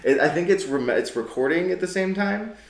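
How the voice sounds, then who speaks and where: A man with a high, bouncing voice hosts and narrates a tabletop game in a playful, announcer-like way. He sounds far from the mic in an echoey room, with soft music behind him. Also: animated, brisk, crowd noise. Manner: playful, announcer-like, laughs often. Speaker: dungeon master.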